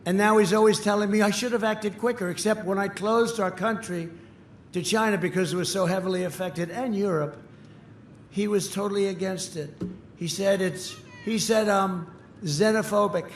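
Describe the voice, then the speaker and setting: A man giving a boastful, mocking campaign rally speech from a podium microphone, repeating lines and shouting them out to the crowd. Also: high voice, normal speed. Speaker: candidate speaking at a campaign rally. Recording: echoey sound system with crowd noise.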